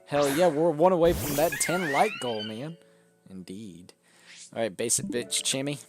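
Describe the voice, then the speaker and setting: A man's voice: a little high, animated, normal speed, music in the background. A young man chatting casually and swearing while live-streaming a game, laughing often.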